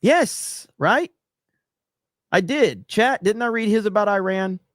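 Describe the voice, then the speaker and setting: A US livestream host goes through viewer comments, joking and filling pauses often, in a high, expressive, slightly bright voice. He talks slowly. The sound is clean, dry studio audio.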